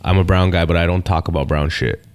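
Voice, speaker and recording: A man, a stand-up comedian telling stories in a casual podcast chat, swearing freely and talking with animated energy. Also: deep voice, fast, clean tone. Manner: profane, storytelling, animated.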